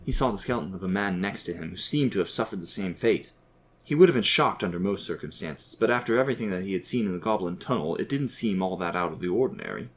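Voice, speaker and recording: A man narrating a scripted fantasy story with a steady, expressive reading. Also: low voice, fast.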